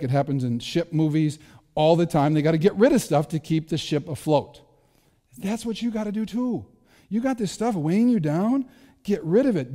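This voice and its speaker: Casual, mellow-voiced male pastor preaching. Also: on the high side, long reverb tail. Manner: conversational, self-deprecating, frequent restarts. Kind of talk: sermon.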